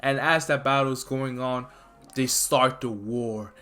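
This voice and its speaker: A man casually retelling a fan story, rambling excitedly and tripping over names. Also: medium pitch, a little slow, soft background music.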